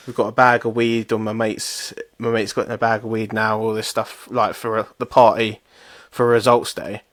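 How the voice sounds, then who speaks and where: A man's voice: on the low side, flat delivery, normal speed, hardly any pauses, a bit bright, no room sound. Man, young adult, casual podcast chat, sweary and self-mocking, dry close sound. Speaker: podcast co-host.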